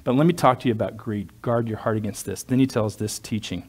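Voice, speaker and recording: A man's voice: lowish voice, fast, a little mellow. A male pastor preaching a sermon in a conversational, digressive way, with joking asides to his congregation.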